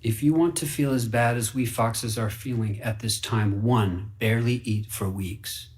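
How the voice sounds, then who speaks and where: A man's voice: mid-range voice, unhurried. Wide-eyed man reading a fable aloud. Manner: earnest, wide-eyed, shifting from hushed whispers to excited bursts. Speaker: story reader. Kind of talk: storytelling reading for radio.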